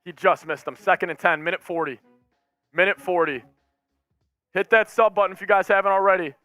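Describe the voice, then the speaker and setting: A man streaming as a sports fan, calling plays live with hyped yells and rambling reactions. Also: high-pitched, steady tone, a little fast, no room sound, soft background music. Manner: hyped, yelling, rambling play-by-play.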